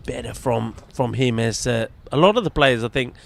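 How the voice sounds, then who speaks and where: A man's voice: medium pitch, moderate pace, gravelly, a little hiss or hum. A man giving live, chatty commentary at a cricket match, bantering with the fielders near him. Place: outdoors at a cricket ground.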